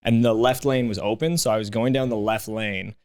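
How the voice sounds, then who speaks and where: A man, a stand-up comedian guest on a podcast, telling stories in a casual, animated way with plenty of swearing, recorded in a podcast studio. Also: lowish voice, brisk. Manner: animated, swearing, acts out quoted voices.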